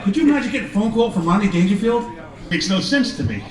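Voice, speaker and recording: A man's voice: sits high, wildly swooping pitch, fairly quick, pauses often, background noise. A man doing a stand-up comedy set on a live stage, telling rambling, self-deprecating stories with asides. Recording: echoey live room, far from mic, crowd. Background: audience laughter.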